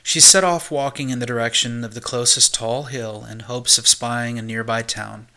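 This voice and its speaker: Man narrating an audiobook, bright voice. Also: mid-range voice, steady tone, normal speed.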